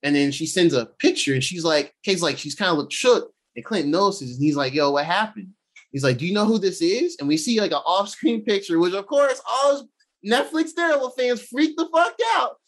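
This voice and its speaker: A man co-hosting a casual chat show, recapping an episode in a loose, profane way, jumping between his own voice and quick acted-out paraphrases of characters. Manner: animated pitch swings, excitable. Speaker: podcast co-host recapping episodes.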